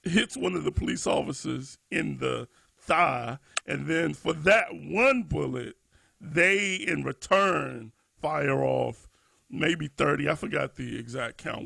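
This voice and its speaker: A man's voice: fairly high pitch, gravelly, bright, forceful tone, breathy edge, no echo. A man co-hosting a discussion podcast, thinking aloud with many restarts and fillers. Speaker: podcast co-host.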